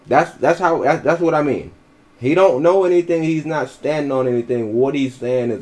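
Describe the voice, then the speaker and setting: A man's voice: mid-range voice, moderate pace, darkish tone. A man giving blunt, profane, mocking commentary as a podcast co-host. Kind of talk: casual commentary.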